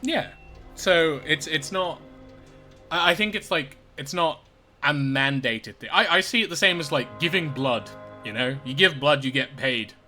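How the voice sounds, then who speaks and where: Man streaming a game, chatty and lively. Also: a little high, a little slow, faint music behind. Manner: casual, rambling and thinking aloud. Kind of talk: live game commentary.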